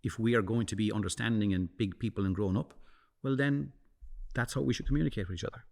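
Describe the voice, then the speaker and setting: A man's voice: fairly low pitch, fast talker, gravelly. A middle-aged man, a communications coach, talking animatedly in a casual interview, restarting and repeating words. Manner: animated, acts out quoted voices.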